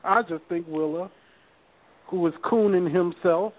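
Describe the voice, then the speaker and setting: A man co-hosting a boxing talk show, giving a measured, contrary opinion. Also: high-pitched. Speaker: co-host. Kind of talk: casual sports talk. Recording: noisy phone-like line.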